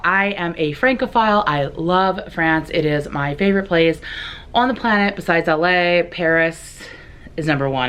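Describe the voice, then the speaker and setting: A woman with a low, deep-set voice chats to camera about her own dreams, rambling along with plenty of filler words. She sounds enthusiastic and a little self-mocking, like a writer talking to her viewers. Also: fairly bright tone. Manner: chatty, rambling, many "like" fillers. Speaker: writer vlogger. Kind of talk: casual chat to camera.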